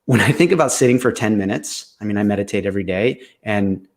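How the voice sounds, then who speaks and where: A man's voice: lowish voice, quick pace, vocal fry. Candid, emphatic man in casual talk. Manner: candid, animated, repeats phrases for emphasis. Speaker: co-host.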